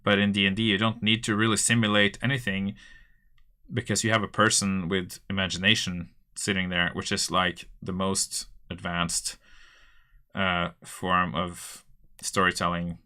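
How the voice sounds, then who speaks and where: Brief: low, forceful male host, casual and rambling, full of filler words. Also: level tone, moderate pace. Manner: rambling, loose, many fillers. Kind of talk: casual chat.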